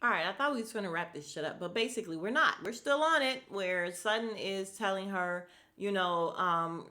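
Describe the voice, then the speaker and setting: A casual woman talks through a reality-show recap on her podcast. She is blunt, swears freely and laughs a lot. Her voice sits at an ordinary middle pitch for a woman. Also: moderate pace, few pauses, pushed and bright. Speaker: podcast host.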